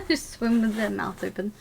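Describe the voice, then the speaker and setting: A woman's voice: a little high, big pitch swings, unhurried, vocal fry. A woman casually chatting and laughing while live-streaming a video game and talking to her chat.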